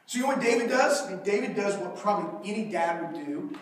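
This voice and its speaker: A man preaching a sermon as pastor, telling the story in an animated, conversational way with humor. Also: high voice, fast, slight background noise. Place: church sanctuary. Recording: very echoey hall, mic far off.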